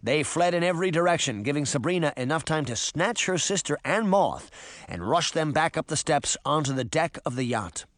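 A man narrating an audiobook in an expressive, dramatic manner. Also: on the high side, normal speed, no echo. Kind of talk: scripted narration.

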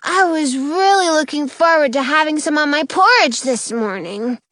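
A woman voicing an excited little girl bear cub who squeals and chants eagerly. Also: high-pitched, moderate pace, dry recording, studio quality, pitched above the performer's own voice. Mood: disappointed.

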